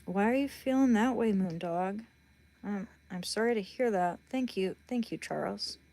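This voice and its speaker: A woman's voice: mid-range voice, moderate pace, warm tone. A woman hosting a livestream, chatting casually and bluntly with her viewers. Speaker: livestream host.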